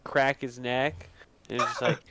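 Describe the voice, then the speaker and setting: A man's voice: medium pitch, level tone, unhurried, pushed and bright, no room sound. A man playing a tabletop game, narrating his character in a dry, joking way. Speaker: player. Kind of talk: casual tabletop play.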